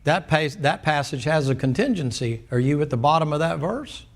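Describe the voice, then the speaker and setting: Man preacher, gravelly, slightly raised pitch, folksy storyteller who quizzes his class. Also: animated, normal speed. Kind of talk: Sunday school sermon.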